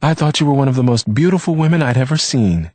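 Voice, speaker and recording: A man voicing a gentle woman hostess who welcomes a guest and tries to reassure her. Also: mid-range voice, lively intonation, no echo, pitched above the performer's own voice, natural voice. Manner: kind, hurried.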